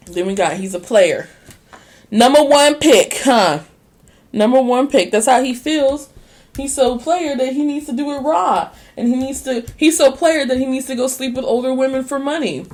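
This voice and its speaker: A woman's voice: mid-range voice, darkish tone. A woman giving a casual tarot reading in a blunt, sassy, slangy style, swearing freely and laughing often. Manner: laughs often, drawn-out speech. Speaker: tarot reader.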